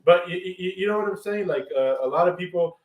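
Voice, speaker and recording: A man's voice: high-pitched, fast talker, narrow, tinny audio. Rambling man in a roomy room. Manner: rambling, repeats words, many "you know what I mean". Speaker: co-host. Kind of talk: casual chat. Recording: roomy, from far off the mic.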